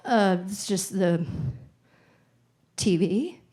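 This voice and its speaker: A woman's voice: mid-range voice, lively intonation, extremely slow, dark tone. Woman doing a stammering, evasive dad. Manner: stammering, caught off guard. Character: evasive, awkward father on the phone. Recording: noisy live theater recording.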